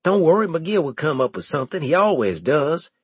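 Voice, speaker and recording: A man's voice: fairly high pitch, animated, fairly quick, husky, dry recording, pitched above the performer's own voice. Man doing a blunt, wry officer. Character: laid-back male officer, blunt and wry.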